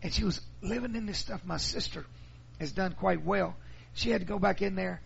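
A man's voice: high-pitched, moderate pace, gravelly, a bit bright, muffled recording, slight background noise. A middle-aged man, a pastor telling folksy stories in a sermon. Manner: folksy storytelling.

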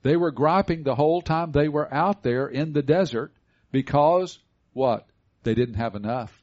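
A man's voice: a little high, normal speed, darkish tone. Conversational male preacher, dull recording. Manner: conversational preaching, acts out Bible voices. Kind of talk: sermon.

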